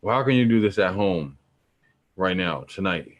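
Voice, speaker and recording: A man with a low, animated voice at normal speed gives a casual talk on spirituality. His style is loose, slangy and preachy, and he repeats points for emphasis.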